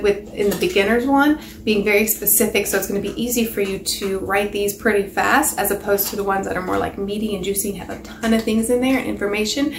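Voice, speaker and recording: A woman's voice: medium pitch, slight background noise. A woman coaching business owners on blogging in a chatty, rambling, upbeat casual tutorial. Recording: roomy echo, faint ambience.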